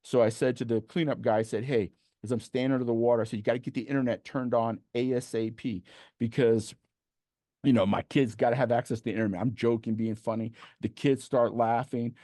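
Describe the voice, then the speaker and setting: A man's voice: medium pitch, fairly even intonation, a little fast, mellow, dry recording, studio quality. A man giving a passionate storytelling talk to an online audience over a video call, building to emphatic lists and laughing mid-sentence. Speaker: motivational speaker at an online event.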